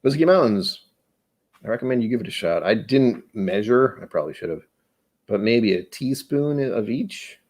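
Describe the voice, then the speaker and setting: With a fairly low, darkish-toned voice, this US host keeps things animated and moderately paced on his laid-back whiskey livestream at home. He rambles, chats, reads viewer messages aloud, and is self-deprecating.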